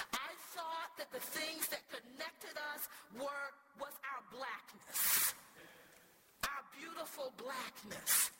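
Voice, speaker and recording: A woman's voice: sits high, heavy background noise. A woman scholar preaching a storytelling sermon with impassioned, rhetorical repetition to a church congregation. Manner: impassioned and rhetorical, with repeated phrases. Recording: loud background ambience.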